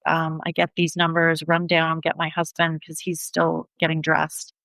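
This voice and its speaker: A middle-aged woman telling her personal story in an interview, earnest and steady, often acting out the back-and-forth of conversations. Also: deep voice, gravelly, dry recording, poor audio. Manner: earnest, reenacts dialogue in quick back-and-forth. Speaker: guest, bereaved mother.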